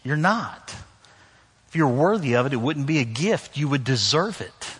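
Husky-voiced preacher in a reverberant hall. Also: male voice, medium pitch, lively intonation, normal speed, fairly bright tone. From northern United States. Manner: conversational preaching with humor and emphatic repetition. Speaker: pastor. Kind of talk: sermon. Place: church sanctuary.

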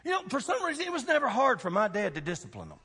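A man's voice: extremely high pitch, huge pitch swings, rapid-fire, sharp tone, breathy edge, long reverb tail. A man, a pastor preaching a sermon with folksy, emphatic storytelling.

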